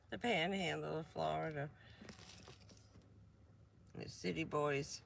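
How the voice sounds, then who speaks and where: Gravelly, chatty woman live-streaming. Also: low-pitched, fairly even intonation, moderate pace, fairly bright tone, slight background noise. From New Jersey. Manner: rambling, chatty, laughs often. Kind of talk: casual live-stream chat.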